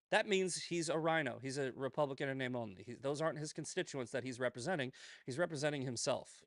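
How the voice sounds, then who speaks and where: A man's voice: mid-range voice, fast talker, no room sound, clean studio sound. A man hosting a political commentary show, ranting in a profane, heated, combative way and often tagging on "right?" and "okay?".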